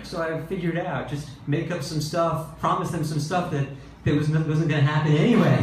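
A middle-aged man doing open-mic stand-up comedy with a deadpan, exasperated observational delivery. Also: fairly high pitch, moderate pace, hardly any pauses, noisy background. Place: comedy club stage. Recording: echoey club recording from a distance. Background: audience laughter.

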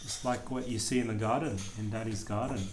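A man, a father, reading a children's book aloud to his child and gently pointing out the pictures. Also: lowish voice, fairly even intonation, fairly quick, a little hiss or hum. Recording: echoey room.

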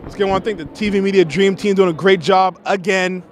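A man doing play-by-play commentary for a local soccer game, excitable and chatty, shouting on big plays. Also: high voice, a little fast, a little hiss or hum. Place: press box at an outdoor soccer game.

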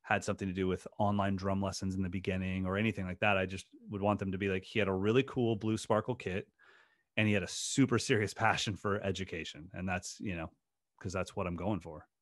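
Man, podcast guest, low voice, earnest storytelling, dry close sound. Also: fairly even intonation, fast talker, dry recording. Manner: earnest, passionate, rambling with restarts. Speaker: guest drum educator. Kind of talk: casual podcast interview storytelling.

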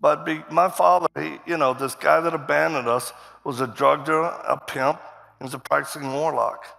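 A man as guest preacher, telling his story in a sermon with a lively, laughing manner. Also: fairly high pitch, normal speed, creaky. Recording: reverberant church hall.

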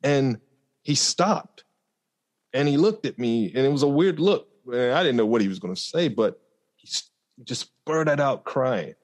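A man with a voice of middling pitch tells a story from his life in an earnest, reflective manner. He often pauses on fillers and restarts as he works through his thoughts in a relaxed conversation. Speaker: podcast guest.

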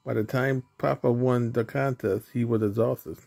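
Gravelly-voiced man reading a storybook. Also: mid-range voice, fairly even intonation, normal speed, a little mellow, faint music behind. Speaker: narrator. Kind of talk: storybook read-aloud.

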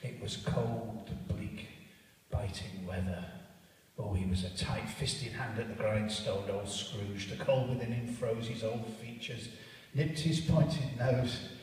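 A man narrating a story live with a jazz band, with relaxed, chatty asides. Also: lowish voice, slow pace, recorded from a distance, a little hiss or hum. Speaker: narrator and musician. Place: church, live performance. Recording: echoey church from afar.

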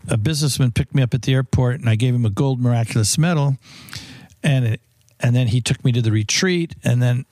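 A man's voice: mid-range voice, a little mellow, dry recording. Priest guy telling a long story, lots of false starts, dry sound. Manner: rambling anecdotes with many restarts. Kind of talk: storytelling interview answers.

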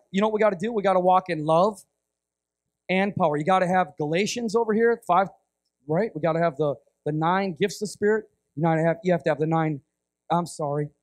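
A middle-aged man from the United States preaching a sermon, telling a story in an animated, rambling way that often breaks off and restarts. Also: high-pitched, no room sound, clean studio sound. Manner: animated, rambling, self-interrupting. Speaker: guest preacher.

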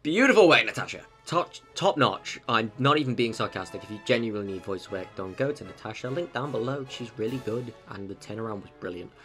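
A man's voice: on the low side, fast, hardly any pauses, fairly bright tone, soft background music. A man hosting a video, narrating history with jokey, sarcastic asides. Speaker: video host. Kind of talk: comedic educational narration.

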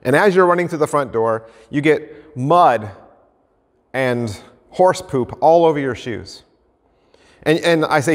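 Brief: male pastor, conversational sermon, slightly high voice, long hall reverb. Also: animated, measured pace, long pauses. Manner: conversational, illustrates points with everyday stories and role-play.

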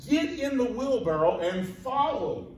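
A man's voice: very high voice, big pitch swings, measured pace, darkish tone, slight background noise. A man preaching a sermon in a folksy, storytelling way. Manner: folksy storytelling, acting out voices in quotes. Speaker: pastor. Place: church sanctuary. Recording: echoey church room from a distant mic.

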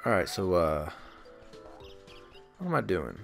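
With a low, sing-song voice, a bit of vocal fry and a slightly slow delivery, a man narrates his gameplay over soft music. The commentary is crude and joking, teasing characters and running himself down.

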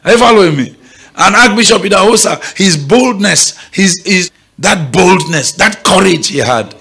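A man's voice: high-pitched, lively intonation, normal speed, vocal fry, slightly rough. A man with a Nigerian accent preaching at a morning prayer meeting, emphatic and often asking the congregation if they are following. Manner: bright, emphatic, keeps checking the audience is following. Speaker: pastor. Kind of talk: sermon. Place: church gathering.

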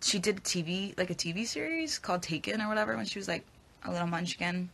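This young woman's mid-range voice is creaky and fairly bright, and she talks at a quick pace. She's answering fan questions in a casual live Q&A, rambling, hesitant, and stumbling over her words, captured by a phone at arm's length.

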